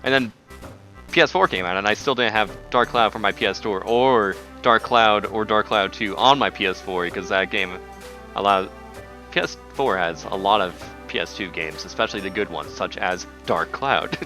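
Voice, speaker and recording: A man's voice: on the low side, moderate pace, sharp tone, soft background music. A man hosting a casual game playthrough, rambling and joking as he reads along. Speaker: let's play host. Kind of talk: casual gameplay commentary.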